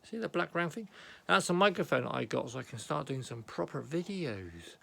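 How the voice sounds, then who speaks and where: Here the British man's voice sits a little high, swinging widely in pitch, gravelly and sharp-toned, at a moderate pace. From his home office in Britain, he rambles casually through a show-and-tell of his painted miniatures, chatty and self-deprecating, with frequent muttered asides, all in a British English accent.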